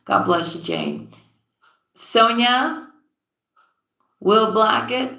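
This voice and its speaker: A woman reading tarot on a live stream, casually greeting viewers by name and calling them sweetheart and sis, often dropping low and quiet mid-sentence. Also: wildly swooping pitch, very slow, creaky, reverberant.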